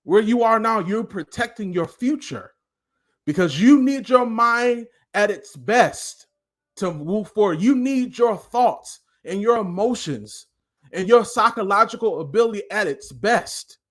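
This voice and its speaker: A man's voice: high voice, expressive, measured pace. Passionate man giving a motivational talk. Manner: passionate, preaching cadence, at times loud. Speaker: motivational speaker and life coach. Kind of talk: live-streamed motivational talk.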